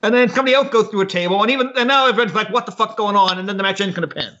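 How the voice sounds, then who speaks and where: A man co-hosting a podcast, recapping wrestling matches in casual chat. His voice is high, and the sound is dull and lo-fi. He gets exasperated and swears freely. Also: racing, sharp tone. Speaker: podcast co-host.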